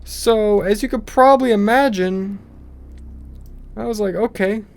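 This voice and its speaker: A man's voice: high voice, unhurried, gravelly. A young man hosting a gaming channel, telling a story casually over gameplay, in a rambling way with lots of filler words.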